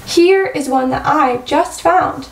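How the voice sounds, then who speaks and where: A woman gives voice to a helpful storybook raccoon, eager and quicker than the rest of her reading, in a high voice. The room echoes, heard from a mic some way off. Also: gravelly, far from the mic, full character voice. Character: helpful male raccoon from the woods.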